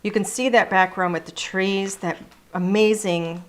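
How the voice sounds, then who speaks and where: A woman's voice: medium pitch, fairly even intonation, measured pace. A woman presenting craft products in a casual, chatty showcase, gushing over each item and sometimes hunting for words.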